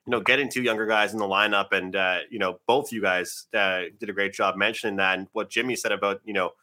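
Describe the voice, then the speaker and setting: A man's voice: fairly low pitch, steady tone, fast, pushed and bright. A man co-hosting a sports betting podcast, chatty and loose, full of "you know" and restarts. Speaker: podcast co-host.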